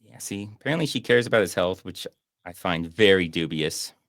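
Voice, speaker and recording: A man's voice: low-pitched, lively intonation, a little fast, creaky, a bit bright, no echo, studio quality. A man hosting a casual movie review show, making sarcastic, mocking comments about a film. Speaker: podcast host and movie reviewer.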